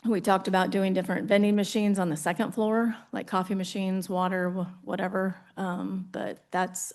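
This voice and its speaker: A woman's voice: medium pitch, flat delivery, normal speed, few pauses, a little mellow. Winded woman official at a public meeting. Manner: hesitant, many ums and restarts. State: out of breath. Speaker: county official. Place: county meeting room.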